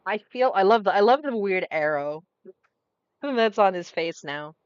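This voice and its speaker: A woman's voice: medium pitch, lively intonation, unhurried, clean tone, dry recording, dull audio. A young woman talking casually while she plays a game, rambling, getting distracted and restarting her thoughts. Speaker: gaming streamer. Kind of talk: casual commentary while playing.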